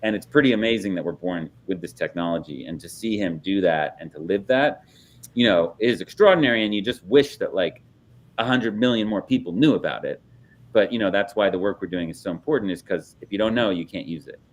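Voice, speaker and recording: Panel guest, man, deep voice, easygoing rambling delivery, slight background rumble. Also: animated, a little fast. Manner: loose and conversational, many fillers. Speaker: Bitcoin nonprofit organizer. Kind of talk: casual panel chat.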